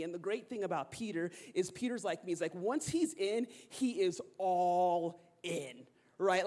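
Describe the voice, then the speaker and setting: In a church sanctuary, a woman preacher with a mid-range voice tells a story during her sermon at a moderate pace with few pauses. She's animated, casual, and slangy, acting out the people she quotes.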